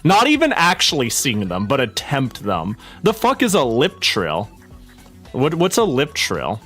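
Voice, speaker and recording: A male streamer rambling through a casual live chat, his pitch bouncing up and down a lot as he self-interrupts and swears. He talks slowly and sounds a little out of breath, with faint music playing behind him. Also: wildly swooping pitch, a bit bright, breathy edge. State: slightly out of breath.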